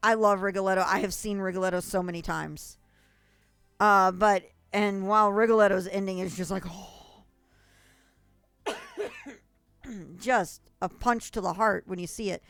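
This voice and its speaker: A woman's voice: mid-range voice, fairly even intonation, normal speed, pauses often, a bit bright, clean tone, dry recording, faint music behind. A young adult woman streamer chatting casually with viewers, gushing and rambling, with frequent coughs.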